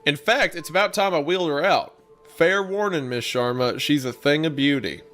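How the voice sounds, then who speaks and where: A man's voice: a little high, normal speed. A man with a Southern American accent hosting a comedy podcast, reading stories aloud and breaking off for laughing asides. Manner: animated, laughs often, reads aloud with asides. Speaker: podcast host. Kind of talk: casual comedic story reading.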